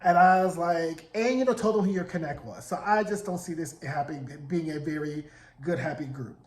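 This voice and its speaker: A man in his forties giving a sassy, animated casual recap of a TV episode, acting out the characters' lines. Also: on the high side, fairly quick. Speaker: TV recap vlogger. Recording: roomy echo.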